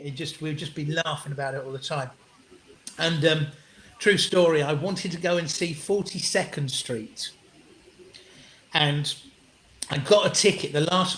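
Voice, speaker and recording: A middle-aged English man spins anecdotes as an interview guest. He talks in an animated way, restarts his sentences often and swears casually. His voice sits a little high and sounds off the walls of a roomy space. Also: slight background noise. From England. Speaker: guest comedian. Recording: roomy echo.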